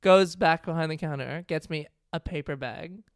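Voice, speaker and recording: A man's voice: on the high side, normal speed, no echo, studio quality. A man co-hosting a podcast, telling a funny story in casual chat and acting out the people in it. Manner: animated storyteller, laughs often, acts out quotes. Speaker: podcast co-host.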